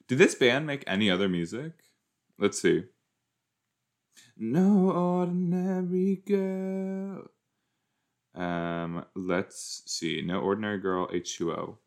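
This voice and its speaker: A man casually commenting while he watches a show, chatty and quick to exclaim or laugh. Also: deep voice, vocal fry, fairly bright tone. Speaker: reaction video host.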